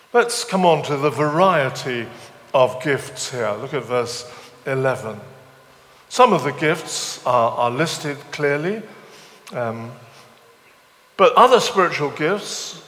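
A visiting preacher delivers a sermon in a large room at a church weekend-away venue, his voice sounding big and roomy. He's a man with a fairly high pitch and a fairly bright tone, blending scripture with funny stories and self-deprecating asides.

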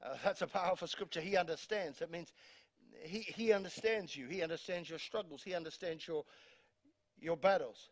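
New Zealand male pastor, higher voice, emphatic sermon delivery, repeats himself, jokes with the congregation. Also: brisk. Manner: emphatic, repeats words, reads scripture aloud, jokes with congregation. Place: church hall.

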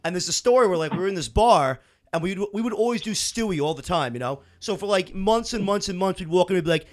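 A man's voice: high voice, animated, quick pace. A man hosting a casual chat, loose and enthusiastic, with lots of "like" fillers. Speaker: podcast host.

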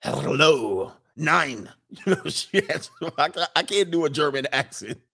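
A man with a slightly high voice and a gravelly, frayed edge riffs casually and comically while reading viewer comments. He talks in crude slang and breaks into laughter often. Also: normal speed, a bit bright. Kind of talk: casual comedic riffing.

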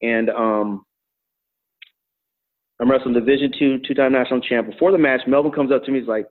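A man's voice: medium pitch, a little fast, long pauses. Middle-aged man telling stories over a tinny line. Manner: relaxed, rambling storyteller with many fillers. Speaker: former college wrestler and coach. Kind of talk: storytelling in an interview.

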